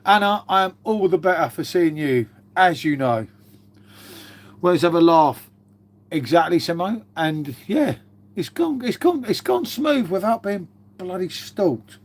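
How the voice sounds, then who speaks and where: A man's voice: sits high, lively intonation, a little slow. A rambling, matey man on a live stream. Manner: matey and rambling, calls everyone mate, swears freely. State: unwell with a cough. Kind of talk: casual live-stream chat reading viewer comments.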